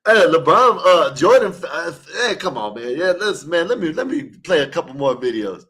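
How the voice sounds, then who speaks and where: A man's voice: on the high side, big pitch swings, normal speed, a bit bright, husky. A man calling into an online panel, arguing a sports debate in an emphatic, repetitive way and scolding his listeners. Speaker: caller in an online open panel. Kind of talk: heated casual sports debate.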